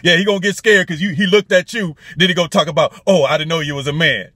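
A man voicing a brash, cursing tall woman on the street who talks loud and scornful. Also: a little high, fast, no room sound, studio quality.

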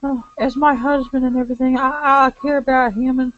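A man voicing a worried young noblewoman reading her own diary in a high, sing-song voice, in a lo-fi recording. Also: flat delivery, brisk, a bit bright, no room sound. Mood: fretful.

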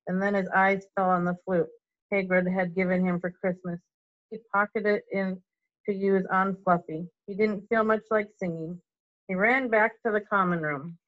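Read-aloud narrator: woman teacher, mid-pitched, steady and expressive, muffled lo-fi sound. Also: moderate pace, no echo. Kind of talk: reading a novel aloud to children. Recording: dull lo-fi recording.

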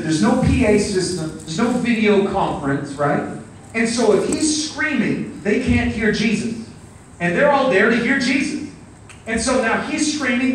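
A man preaching a sermon in a church hall, animated and acting out the people in the story. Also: extremely high pitch, a little hiss or hum. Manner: animated, acts out quotes and shouts. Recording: very echoey hall, mic at a distance.

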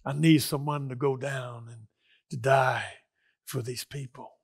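A male pastor voicing a solemn heavenly father figure, speaking grave warnings gently and softly in a retold sermon story. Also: mid-range voice, steady tone, measured pace, gravelly, slightly rough, no room sound, studio quality.

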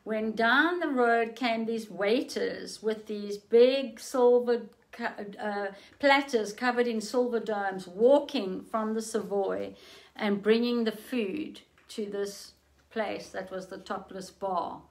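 A middle-aged woman preaching on a livestream, telling a story slowly and earnestly, then urging listeners with rising fervor. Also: mid-range voice, low-quality recording. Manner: slow, earnest storytelling, rising fervent in exhortation. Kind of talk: storytelling sermon.

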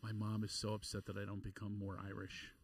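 A man from Philadelphia hosting a podcast, chatting in an animated, joking way. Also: on the low side, brisk, slightly rough, dry recording. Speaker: podcast host and comedian. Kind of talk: casual interview chat.

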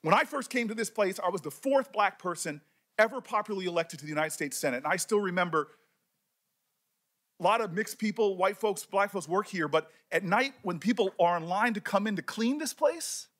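A senator speaking at a hearing, earnest and emotional, close to tears, with halting repeated words. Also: male voice, sits high, lively intonation, a bit bright. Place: committee hearing room.

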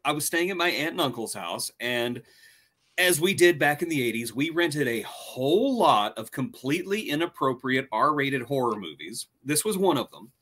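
A man in his forties co-hosting a casual chat, telling stories with animated enthusiasm. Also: medium pitch, moderate pace. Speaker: co-host.

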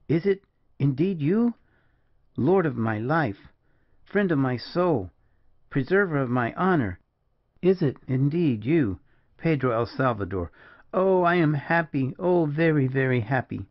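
A man's voice: fairly high pitch, animated, a little slow, muffled recording, pitched above the performer's own voice. A male audiobook reader voicing a passionate, fervent young Mexican woman in a raised voice. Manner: fervent, pleading.

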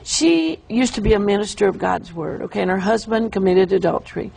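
A woman telling an emotional, halting account of a vision in an interview. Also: medium pitch, vocal fry, a little mellow, breathy edge, rough recording. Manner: emotional, halting storytelling with restarts. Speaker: guest describing a vision. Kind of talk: earnest testimony in an interview.

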